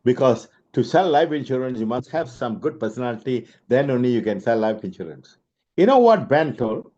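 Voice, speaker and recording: A man's voice: mid-range voice, sing-song, fairly quick, mellow. A man giving a motivational sales lesson, telling stories with asides and frequent rhetorical checks. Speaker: sales trainer. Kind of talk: motivational storytelling lecture. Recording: dull lo-fi recording.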